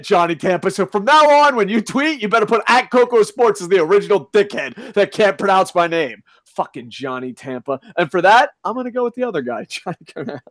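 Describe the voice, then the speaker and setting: A man co-hosting a casual podcast, ranting loudly with lots of swearing. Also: sits high, no room sound. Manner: loud, profane ranting. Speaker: podcast co-host.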